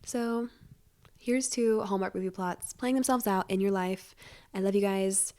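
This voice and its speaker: A young woman in her twenties hosting a casual solo podcast from home, talking quickly in a rambling, self-deprecating way, with a stuffy nose. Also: mid-range voice, mellow. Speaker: podcast host.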